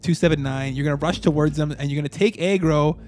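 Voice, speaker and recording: Male GM, high voice, playful narrator of a tabletop game, faint music underneath. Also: quick pace, darkish tone. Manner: playful, laughing, spins vivid scenes. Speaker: game master.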